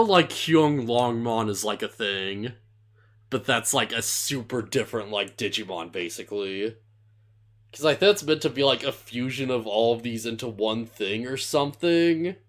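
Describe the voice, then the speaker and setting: A man's voice: medium pitch, animated, normal speed, a bit bright. A man co-hosting an anime podcast, chatting casually in a laid-back way, often chuckling and stumbling over names. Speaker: podcast co-host. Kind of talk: casual anime recap chat.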